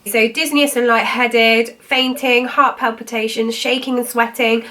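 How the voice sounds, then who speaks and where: A woman's voice: fairly high pitch, steady tone, moderate pace, bright, forceful tone, distant mic. A woman, telling her own story in a rambling, chatty way, full of "like" and "I was like". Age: 20s. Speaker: vlogger. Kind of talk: casual personal storytelling.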